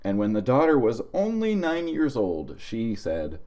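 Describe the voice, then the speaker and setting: A man's voice: medium pitch, wildly swooping pitch, a little slow, mellow. A man co-hosting a comedy podcast, reading out a list of odd facts in a dry, casual way. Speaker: podcast co-host.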